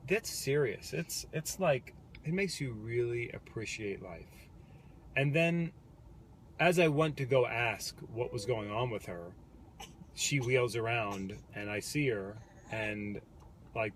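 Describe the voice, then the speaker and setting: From a parked car, a man sharing his baby's birth story as a casual vlog co-host stays earnest and reflective despite frequent restarts. His mid-range voice is slow with a fairly bright tone, and there's a little hiss or hum.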